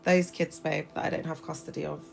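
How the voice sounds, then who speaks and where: A woman's voice: deep voice, little pitch movement, a little fast, creaky, faint music behind. A woman in her thirties hosting a casual livestream from her phone, talking emphatically and addressing viewers directly. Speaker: livestream host.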